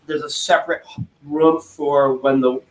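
A man's voice: a little high, steady tone, a little slow. A man telling stories in casual podcast banter, rambling and laughing often. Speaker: guest. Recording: echoey room with faint noise.

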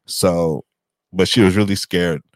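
A middle-aged man tells a story in loose, casual podcast chat, circling back and restarting as he goes. His voice sits low. The sound is dry and close. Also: fairly even intonation, a little slow, no room sound. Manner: rambling, restarts and retells scenes with voices. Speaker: podcast co-host.

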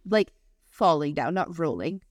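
A young woman co-hosting a podcast, telling a story in casual chat, animated and swearing freely while acting out voices. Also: low voice, unhurried, dry recording, clean studio sound. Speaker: podcast co-host.

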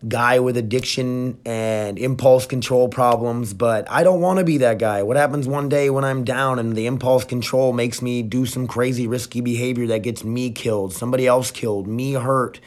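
A man hosting his own podcast, talking casually and bluntly with frequent swearing, switching from hyped gym promotion to quieter personal reflection. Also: medium pitch, moderate pace. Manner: blunt, profane, energetic then reflective. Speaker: podcast host. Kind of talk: casual solo podcast talk.

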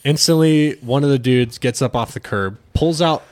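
A man's voice: medium pitch, moderate pace, a little mellow. A young man animatedly recounting a street fight in casual chat, swearing often and adding sound effects. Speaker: storyteller.

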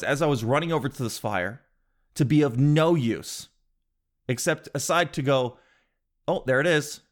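A man telling a comic story in a loose, animated way, swearing and acting out other people's voices. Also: on the high side. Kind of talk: comedic storytelling monologue.

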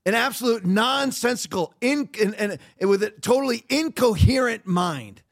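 A man hosting a podcast, giving heated, emphatic political commentary. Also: sits high. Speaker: podcast host.

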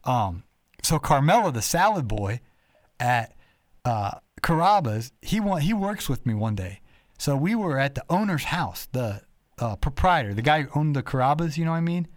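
A man spins rambling podcast stories, his pitch bouncing all over as he acts out the people in them. His voice sits a touch high for a man, and the recording is dry and close. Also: normal speed, no echo. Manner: rambling, animated anecdotes with quoted voices. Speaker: podcast host. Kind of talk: casual storytelling chat.

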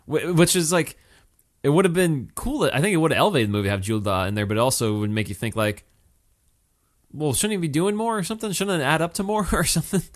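A man's voice: on the high side, fast talker. A man co-hosting a casual movie review chat, rambling with many restarts and fillers.

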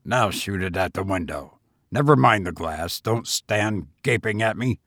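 Guy doing a bossy gentleman, short clipped orders, bit low. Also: expressive, unhurried, no room sound, clean studio sound, heavily acted. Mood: curt. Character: curt, commanding gentleman.

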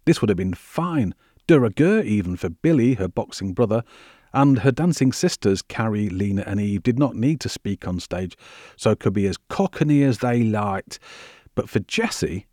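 A man hosting a history podcast, telling the story in measured, wry scripted narration. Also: fairly low pitch, mellow, dry recording, studio quality. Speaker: podcast host.

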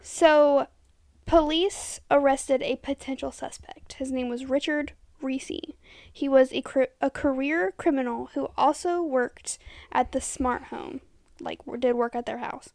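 High, gravelly young woman telling a crime story. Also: steady tone, measured pace, no room sound, clean studio sound. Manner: chatty, many "like" fillers, drops to soft half-whispers. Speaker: podcast host. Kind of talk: casual true crime storytelling.

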